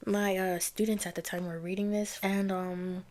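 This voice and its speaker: A woman's voice: mid-range voice, level tone, normal speed, a little mellow. A young adult woman telling a personal faith story in a casual, chatty way, often dropping to a near-whisper. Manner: chatty, heavy use of "like" and "y'all", often drops to a near-whisper. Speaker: vlogger sharing a faith testimony.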